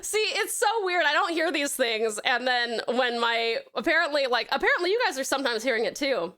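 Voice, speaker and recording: A bubbly woman streamer with an accent that blends American and Australian sounds. Her voice sits high and bright, and it swoops up and down a lot as she reads chat aloud. She thanks viewers warmly with pet names. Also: expressive, a little fast. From United States. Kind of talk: casual live-stream chat while drawing.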